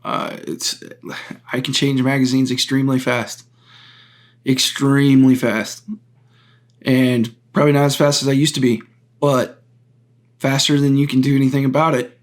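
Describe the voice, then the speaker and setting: This podcast host works through a political topic alone, his mid-range voice delivered flatly. He is earnest and deliberate, frequently breaking off to restart a phrase and explain step by step.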